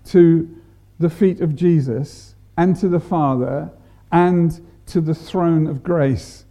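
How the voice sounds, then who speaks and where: Guy giving a sermon, unhurried, warm dark tone, stresses words, restarts a lot. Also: fairly high pitch. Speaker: preacher.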